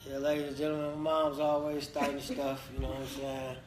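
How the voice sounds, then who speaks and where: A young man talking casually about his sister on a live stream, relaxed and teasing, often searching for words. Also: medium pitch, brisk, echoey room, noisy background. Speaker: guest, the host's brother. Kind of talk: casual chat.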